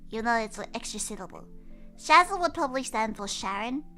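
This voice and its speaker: A bubbly, giggly woman streamer chatting on a livestream, her voice high and bright. She sounds smooth and clear, with faint music underneath. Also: animated, fairly quick. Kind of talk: livestream chat explaining slang.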